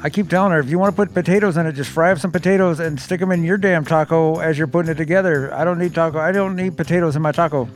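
A man's voice: fairly high pitch, steady tone, soft background music. A married man chatting casually on a podcast, often stumbling and repeating words as he starts a thought. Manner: halting, repeats words when starting a sentence. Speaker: podcast co-host. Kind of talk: casual chat.

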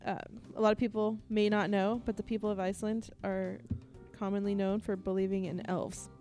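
A woman's voice: medium pitch, level tone, a little fast, warm tone, soft background music. A woman presenting a quirky news segment in a casual talk show, chatty and full of fillers and laughs. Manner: chatty, laughing, reads from printed notes with fillers. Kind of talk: casual comedic news reading.

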